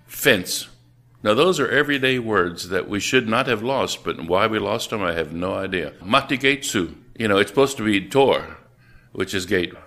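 Low-voiced older radio host. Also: male voice, fairly bright tone. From Texas, USA. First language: German. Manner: folksy, plain-spoken. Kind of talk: relaxed interview chat.

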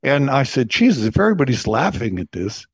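A man in his seventies with an American accent, a radio disc jockey telling stories in a relaxed interview, chatty and laughing often. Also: medium pitch, fairly quick, slightly rough, dry recording, dull audio. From Texas, USA. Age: 70s. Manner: chatty, laughs often, acts out quoted voices.

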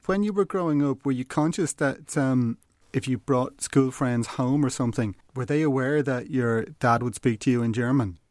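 A man's voice: mid-range voice, moderate pace, few pauses, darkish tone, no echo, studio quality. A man hosting an interview, asking friendly probing questions. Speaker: podcast host.

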